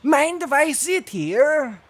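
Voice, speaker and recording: A woman's voice: high-pitched, sing-song, slow pace, pitched above the performer's own voice, heavily acted. A woman voicing a bumbling male toucan detective in a storybook, awkward and eager, stumbling over his words.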